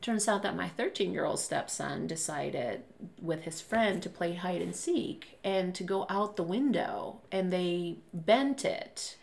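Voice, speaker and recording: A woman's voice: fairly low pitch, animated, unhurried, gravelly. A woman who is a podcast guest, telling family stories in casual chat and laughing as she talks.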